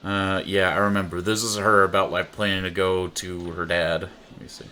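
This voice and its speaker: A man's voice: low voice, flat delivery, normal speed, bright, forceful tone, slight background noise. A young man at his home streaming setup, talking into a desk mic and reading game messages aloud during live commentary. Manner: reads game text aloud, chuckling often. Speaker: streamer playing a visual novel. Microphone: desk microphone.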